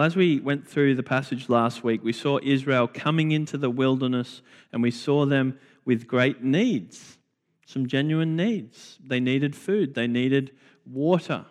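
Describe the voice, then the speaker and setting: Man, slow deliberate sermon, long church reverb. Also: mid-range voice. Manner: slow, deliberate, with repeated phrases. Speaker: preacher.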